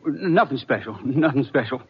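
A man's voice: mid-range voice, animated, brisk, slight background noise, lightly acted. An actor playing a nervous young cowboy in a 1950s radio drama, stammering as he talks. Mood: anxious. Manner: stammering, anxious. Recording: muffled old radio broadcast.

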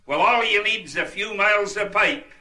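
A man's voice: high-pitched, normal speed, bright, forceful tone. A man voicing a proud Scottish tour guide with a dry, teasing wit and a Scottish accent.

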